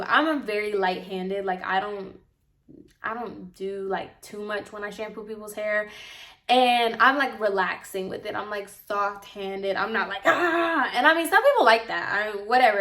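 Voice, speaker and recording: A young woman vlogger and apprentice hairstylist telling a casual story, talking fast and loose with lots of "like", sounding exasperated. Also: medium pitch, a bit bright. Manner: chatty, exasperated, heavy use of "like".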